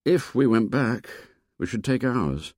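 A man's voice: mid-range voice, expressive, unhurried, darkish tone, dry recording, studio quality. A man voicing an earnest, troubled boy chief. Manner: earnest, despairing.

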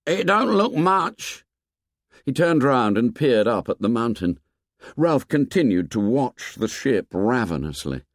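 A man narrating a novel in a measured, expressive storytelling manner. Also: medium pitch, dry recording, studio quality. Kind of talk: audiobook narration.

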